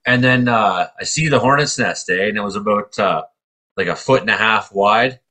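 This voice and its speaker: A man in casual chat, telling an animated story and acting out quoted voices with high yelps. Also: moderate pace.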